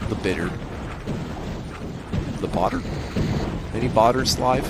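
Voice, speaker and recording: A man's voice: mid-range voice, expressive, unhurried, heavy background noise. A man giving casual let's-play commentary as a gaming channel host, rambling and joking, swearing now and then, recorded on a desk microphone. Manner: rambling, jokey, swears, breaks into silly sing-song. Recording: loud game music behind the voice.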